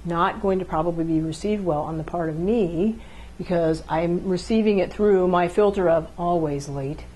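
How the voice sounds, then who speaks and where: A woman's voice: lowish voice, a little mellow, slight background noise, rough recording. A woman giving a conversational talk on how couples communicate, now and then acting out both partners in an argument. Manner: conversational, acts out quick role-play exchanges. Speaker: relationship speaker.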